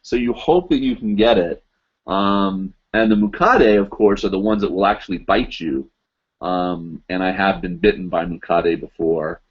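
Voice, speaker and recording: A man's voice: deep voice, normal speed, slightly rough. A man in his thirties chatting casually on a live stream, answering viewers with many ums and restarts, from his apartment. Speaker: vlog host answering live chat. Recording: dull lo-fi webcam audio.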